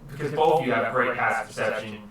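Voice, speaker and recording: A man narrating a tabletop game as game master, in an animated way. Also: mid-range voice, quick pace, crowd noise. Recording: echoey room, far from mic.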